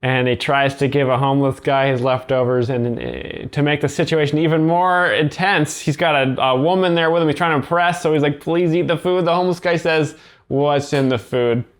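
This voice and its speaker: A man hosting a show, explaining stand-up jokes in a flat, mock-serious commentary style. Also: fairly high pitch, a little fast, few pauses, clean tone. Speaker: joke explainer host. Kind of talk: deadpan commentary.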